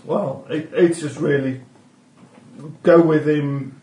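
A man's voice: a little high, fairly even intonation, takes it slowly, dark tone. A man playing a tabletop game, casual and cautious, asking questions before he acts. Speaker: player. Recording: echoey room with faint noise.

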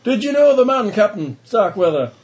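A man's voice: high voice, sing-song, normal speed, darkish tone, pitched above the performer's own voice. A man voicing a pushy male newspaper reporter in a mock Australian accent, firing off questions at a dock. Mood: excited.

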